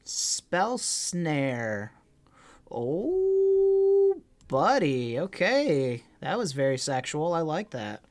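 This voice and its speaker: A man's voice: fairly high pitch, sing-song, slow, few pauses. A man casually commenting on his own online card game as a streamer, joking with chat and swearing freely.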